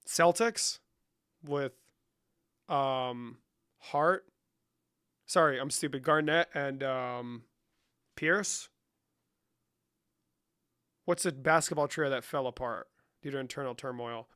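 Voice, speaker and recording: A man's voice: medium pitch, slow pace, pauses often, a bit bright, clean tone, no room sound, clean studio sound. A young man hosting a livestream, reading chat questions and answering with profane, joking banter. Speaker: livestream host.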